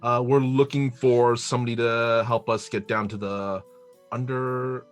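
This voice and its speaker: A man playing a tabletop game who talks in a relaxed, rambling way and trips over his words. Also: mid-range voice, measured pace, faint music behind. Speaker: player. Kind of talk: casual tabletop game play.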